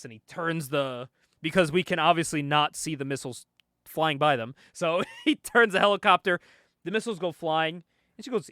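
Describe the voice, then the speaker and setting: A man's voice: fairly high pitch, moderate pace, bright, forceful tone, no room sound, studio quality. A man casually recapping a comic book, laughing often and acting out the lines he quotes. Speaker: podcast co-host.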